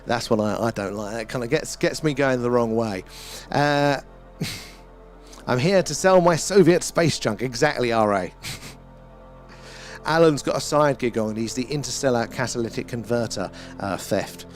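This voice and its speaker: A man's voice: medium pitch, moderate pace, soft background music. A middle-aged man hosting a live stream, chatting casually and reading viewer comments, rambling with fillers and frequent laughs.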